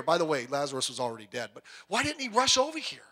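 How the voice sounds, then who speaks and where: High, bright-voiced man preaching a sermon. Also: fast, hardly any pauses. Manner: animated preaching, acting out voices of people and God. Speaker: pastor.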